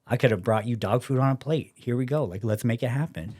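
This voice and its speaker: A man's voice: mid-range voice, quick pace, darkish tone, dry recording, studio quality. A young Canadian man, a podcast guest, telling a story in casual chat, acting out quoted voices and swearing freely.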